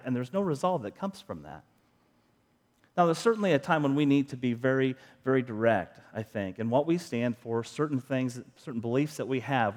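A middle-aged man delivers a sermon from the pulpit. He has an average pitch and keeps a casual, talk-it-through manner, often checking in with rhetorical questions. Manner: conversational, earnest preaching with rhetorical questions. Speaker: pastor.

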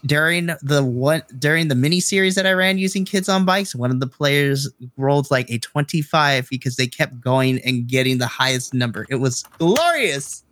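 A man's voice: a little high, fairly bright tone, no room sound. A man running a tabletop game, chatty and laughing often as he explains his rulings. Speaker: game master.

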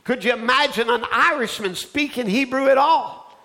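A preacher, a man, voicing a rabbi who is deeply moved and asking earnest, puzzled questions while he tells a story. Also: normal speed, sharp tone, exaggerated voice. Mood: astonished.

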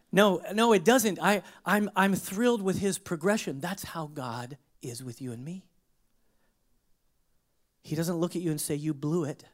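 This is a man's sermon delivered conversationally, with many rhetorical questions. The pastor's emphatic bursts fall away into hushed, low asides.

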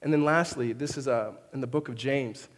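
A man preaching a sermon as pastor, animated, often restarting and acting out the voices he quotes. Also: mid-range voice, brisk. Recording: reverberant hall.

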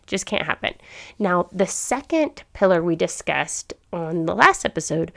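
A woman's voice: on the low side, lively intonation, unhurried, creaky. A woman hosting a faith podcast, talking chatty and enthusiastic, thinking aloud as she goes. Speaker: podcast host. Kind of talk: casual faith podcast talk.

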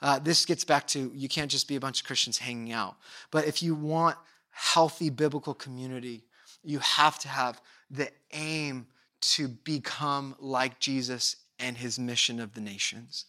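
Male pastor preaching, bright voice, gets loud then drops real quiet, plays out little conversations. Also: medium pitch, a little slow. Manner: animated, acts out dialogue, swings between loud and hushed. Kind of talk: sermon.

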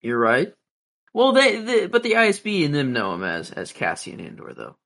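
Eager guy cohosting, kinda high voice, thinking out loud. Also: huge pitch swings, moderate pace. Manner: eager, restless, thinks aloud. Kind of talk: casual chat.

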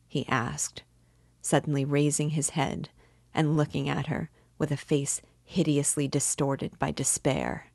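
A woman reads a classic novel aloud in a measured, steady way. Her voice is low and her pace slow. The sound is dry and close. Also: gravelly, dry recording. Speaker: narrator. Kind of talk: audiobook reading.

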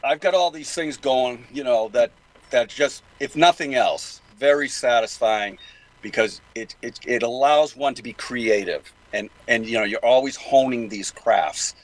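A man's voice: medium pitch, unhurried, poor audio. An older man with a Boston accent, talking at length as a guest in a casual interview, rambling with many fillers and restarts. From New England.

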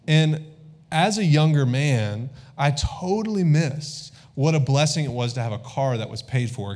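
Pastor in his thirties preaching. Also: mid-range voice. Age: 30s. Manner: lively call-and-response preaching, asks the congregation for amens. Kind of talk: sermon. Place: church sanctuary.

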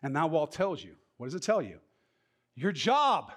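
A middle-aged man preaching a sermon as pastor, talking in a lively conversational way and slipping into mock voices. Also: fairly high pitch, normal speed.

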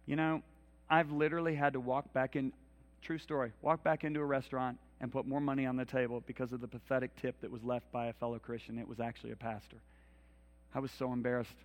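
A man's voice: mid-range voice, fast talker. Man preaching a storytelling sermon. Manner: storytelling, animated, rising to loud pleas. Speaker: minister. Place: church hall.

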